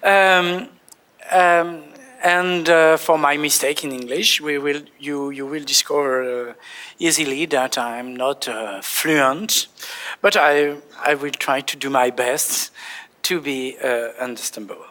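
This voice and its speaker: A man with a French accent, a native French speaker, giving a conference presentation in halting English full of fillers and restarts. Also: fairly high pitch, fairly even intonation, sharp tone. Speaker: panel speaker, professor. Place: lecture hall.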